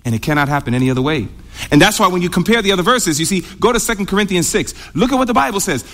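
A man preaching a sermon in a high, lively voice that climbs and drops with emphasis. He stretches key words and keeps asking the congregation to answer him. A long hall reverb trails every line. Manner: drawn-out emphatic delivery with big swings.

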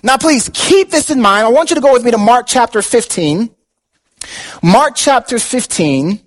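A man with a strikingly high-pitched voice delivers an impassioned sermon. He asks his listeners questions and repeats words to drive the point home. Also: animated, normal speed, rough recording. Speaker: pastor.

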